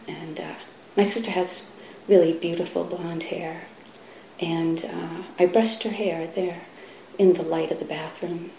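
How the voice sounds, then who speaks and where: Middle-aged woman Zen teacher, unhurried dharma talk, gravelly and hushed, faint room tone behind. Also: on the low side, a little hiss or hum. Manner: soft and halting, often sinking to a whisper. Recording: roomy hall echo, faint ambience.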